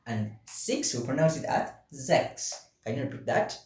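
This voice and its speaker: A man's voice: mid-range voice, expressive, reverberant. A man teaching a beginner German lesson, saying each word several times and asking learners to repeat after him. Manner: drills words slowly, asks learners to repeat.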